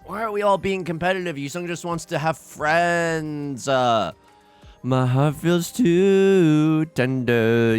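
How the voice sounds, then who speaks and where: A young man commenting on his own online game as he plays, self-mocking and excitable, swinging from mumbled asides to loud outbursts. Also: fairly high pitch, takes it slowly, clean tone, soft background music. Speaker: gaming YouTuber. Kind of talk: live commentary while playing.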